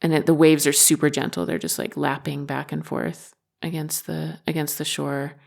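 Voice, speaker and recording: Woman, low voice, candid personal storytelling, self-mocking, swears casually. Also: flat delivery, normal speed, creaky, a little mellow. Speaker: podcast host.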